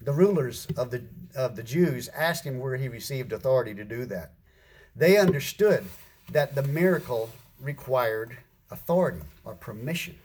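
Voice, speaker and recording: Husky-voiced man preaching a sermon. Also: medium pitch, expressive, normal speed, a little mellow. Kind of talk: sermon reading and explaining scripture.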